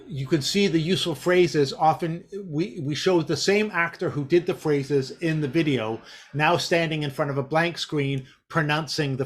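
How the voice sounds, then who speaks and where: A man giving a casual teacher-training talk, rambling with lots of fillers and restarts. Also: on the high side. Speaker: teacher trainer presenting a session.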